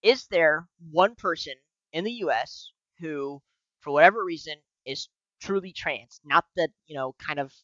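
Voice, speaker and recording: A man with a fairly high, bright and forceful voice, chatting on a podcast with plenty of swearing and laughter. The recording is dry and a little dull and lo-fi. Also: measured pace, no room sound. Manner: profane, animated, laughs often. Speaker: podcast co-host. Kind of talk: casual political podcast chat.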